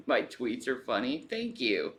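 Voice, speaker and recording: A woman in her forties talks slowly to her stream viewers. She is out of breath and sighs between remarks. Her pitch swings widely as she coos over her cat. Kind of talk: casual livestream chat.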